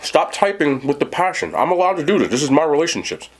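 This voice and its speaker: A man with a husky voice tells a long story in a lively way, his pitch jumping up and down. He talks straight to his chat in a casual, animated tone, as a host of his own eating show. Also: quick pace. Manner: animated, talks to viewers directly. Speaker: mukbang host.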